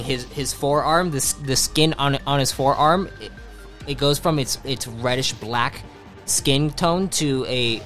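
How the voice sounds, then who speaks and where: Slow-talking guy running a tabletop game, lots of restarts, faint music behind. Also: medium pitch, a bit bright. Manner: halting, many restarts. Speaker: game master.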